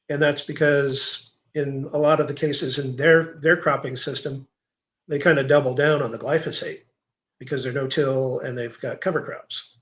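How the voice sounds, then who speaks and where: A man as a guest in an interview, explaining soil science in a measured way, thinking aloud with fillers and restarts. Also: medium pitch, highs cut off. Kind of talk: technical interview answer.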